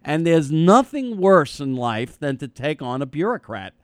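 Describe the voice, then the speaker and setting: A man hosting a radio talk show, rambling and halting with many fillers, getting animated when he makes a point. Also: on the high side, no room sound, clean studio sound.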